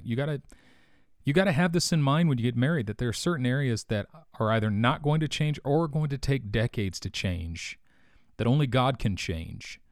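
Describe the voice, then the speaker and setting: A man in his forties giving an earnest, thoughtful devotional reflection, unhurried and personal. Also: fairly low pitch, dry recording, clean studio sound.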